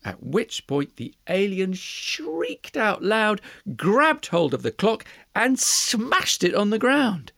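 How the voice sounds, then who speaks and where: A storyteller telling a fairy tale in an expressive, animated way. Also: mid-range voice, slow pace, creaky, dry recording, clean studio sound. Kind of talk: storytelling for children.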